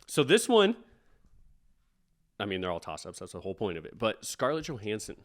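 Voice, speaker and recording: Young male host, loose and jokey, slightly low pitch, casual podcast banter. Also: huge pitch swings, a little fast. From northwestern United States. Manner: laid-back, swears freely, joking. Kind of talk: casual chat.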